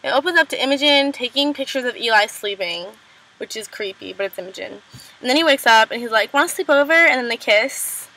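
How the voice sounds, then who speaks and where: A young woman casually recapping a TV episode, full of "like" and "um", quickly acting out characters' lines. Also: on the high side, lively intonation, pushed and bright, rough recording. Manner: chatty, lots of "like" and "um", acts out lines in quick impressions. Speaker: recap vlogger.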